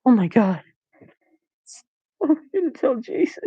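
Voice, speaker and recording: A man's voice: measured pace, vocal fry, darkish tone, no echo, dull audio. A man doing a frantic, pleading teen boy. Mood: tearful. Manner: high strained pleading voice, breaking into sobs.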